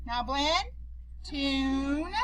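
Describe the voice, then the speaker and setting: A woman teacher leading a slow, deliberate phonics drill with her class, giving short sounding-out prompts. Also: high voice, very noisy.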